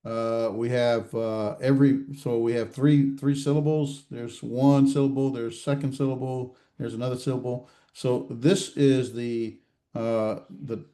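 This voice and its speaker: A man lectures a grammar class in a warm, mellow voice. He stops often with "uh" and restarts his phrases. He keeps throwing questions at his students. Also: medium pitch, steady tone. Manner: halting, many fillers and restarts, quizzing students. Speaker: Hebrew grammar instructor. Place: classroom or online class session.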